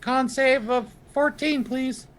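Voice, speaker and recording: High-voiced woman relishing gory descriptions. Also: fairly even intonation, takes it slowly. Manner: gleefully descriptive. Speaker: player. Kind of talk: tabletop game play.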